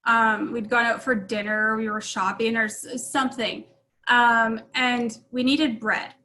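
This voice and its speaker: A middle-aged woman speaking as an interview guest, her voice set a little high and bright. She tells a personal story frankly and rambles, circling back with fillers and restarts. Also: little pitch movement, measured pace, slight background noise, rough recording.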